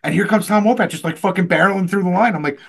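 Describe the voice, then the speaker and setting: A fairly high-voiced man rambling through convention stories on a podcast, cursing freely. His voice jumps way up when he acts out what he said. Casual, loose chat. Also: very fast, creaky. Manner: animated, swearing, loud jumps when quoting himself. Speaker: podcast co-host.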